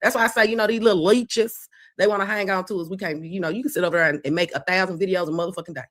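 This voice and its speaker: A woman's voice: fairly low pitch, steady tone, racing, fairly bright tone, no echo. Middle-aged Southern woman, livestream host, brash and profane, dry close sound, greets viewers one by one. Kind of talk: casual livestream chat. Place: porch.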